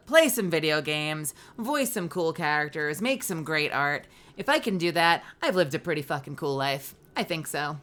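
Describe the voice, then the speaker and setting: This low-voiced woman, a streamer and voice actor, speaks at normal speed with hardly any pauses. It's a casual live-stream chat in which she yawns sleepily yet stays playful and animated, greeting her viewers.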